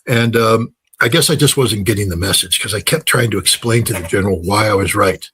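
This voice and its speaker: Husky-voiced man giving emphatic political commentary. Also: on the low side, fairly quick, a bit bright. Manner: emphatic, repeats phrases for effect, frequent filler words; folksy, uses everyday examples and laughs at his own points. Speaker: political commentator, interview guest.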